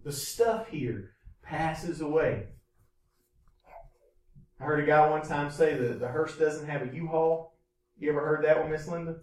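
A man's voice: on the high side, measured pace, long pauses, recorded from a distance. A man preaching a sermon as pastor, with impassioned rhetorical questions. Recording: echoey room, voice from off-mic.

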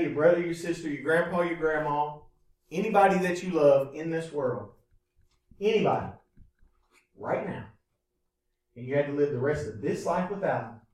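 A man's voice: fairly high pitch, a little mellow, recorded from a distance. A man preaching a sermon as pastor, with impassioned rhetorical questions. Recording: echoey room, voice from off-mic.

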